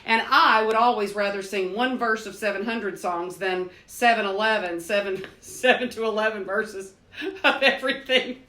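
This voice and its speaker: With a mid-range voice and a sharp tone at moderate pace, this woman hosts a cooking livestream at home with the doors open. The talk is casual chat with singing: she addresses viewers by name, laughs readily and slips into hymns.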